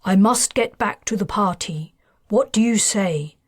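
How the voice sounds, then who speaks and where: A woman voicing a smooth, scheming man of high society who bargains in clipped lines, in an audiobook. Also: a little slow, no echo, clean studio sound. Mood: pleased.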